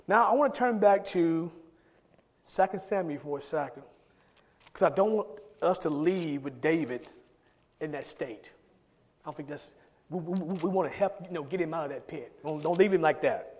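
A man with a high voice preaches a sermon, swinging from loud, urgent emphasis to low, quiet asides. He repeats words in rapid bursts as he builds a point. His voice rings through a large hall with a long reverb tail. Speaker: pastor.

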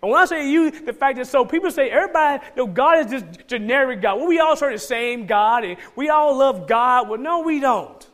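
A man's voice: extremely high pitch, lively intonation, a little fast, few pauses, fairly bright tone. A man with a Georgia Southern accent preaching a sermon as pastor, emphatic and repeating key phrases for stress.

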